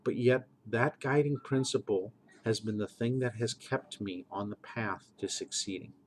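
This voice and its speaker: A man's voice: lowish voice, moderate pace, slight background noise, rough recording. Earnest middle-aged man giving a pep talk. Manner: earnest, preachy, repeats phrases for emphasis. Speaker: game master. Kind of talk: earnest motivational monologue.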